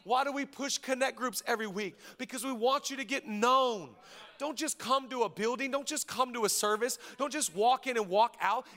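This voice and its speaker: A male pastor delivering a sermon with a high, bright voice. He drops to hushed, close passages and then rises to shouted emphasis. He acts out bits of dialogue as he preaches.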